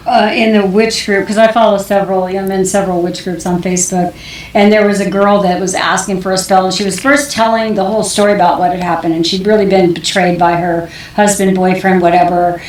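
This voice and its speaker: A woman's voice: mid-range voice, flat delivery, fairly quick, recorded from a distance, a little hiss or hum. Woman talking off-mic in a roomy space. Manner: rambling, hesitant, with many fillers. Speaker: podcast co-host. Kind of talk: casual chat.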